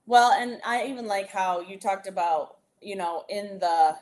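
A woman co-hosts a relaxed Bible discussion, speaking at an ordinary pitch and pace. She offers thoughtful reflections and affirms her partner's points. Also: unhurried. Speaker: co-host.

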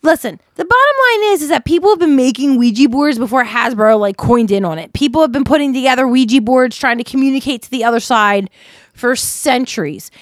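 A Canadian woman in her thirties co-hosting a podcast in animated, laughing, swearing banter. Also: high-pitched, brisk, dry recording, clean studio sound. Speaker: podcast co-host. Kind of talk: casual banter.

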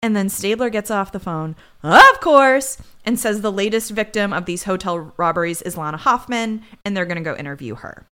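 A woman's voice: medium pitch, animated, normal speed, hardly any pauses, bright, forceful tone, clean tone. A woman co-hosting a podcast, casually recapping a TV episode with sarcastic asides. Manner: chatty, sarcastic asides while retelling the plot. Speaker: podcast co-host.

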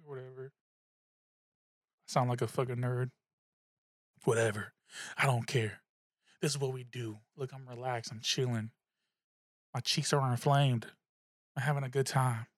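Clean studio sound with no echo carries this mid-range male voice. The solo podcast host meanders and swears easily, slightly drunk and slurring a bit, chuckling at his own expense in a relaxed way.

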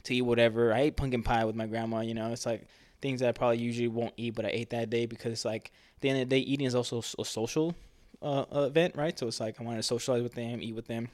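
A man's voice: medium pitch, fairly even intonation, rapid-fire, darkish tone, no room sound. A man co-hosting a casual fitness podcast as a trainer, rambling with lots of fillers like "you know" and "right".

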